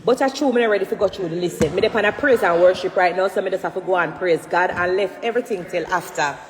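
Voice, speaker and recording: A Jamaican woman talking to her fans on a phone livestream, emphatic and animated, at times shouting. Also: on the low side, quick pace. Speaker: dancehall artist addressing fans. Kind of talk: casual livestream talk. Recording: echoey room with long reverb.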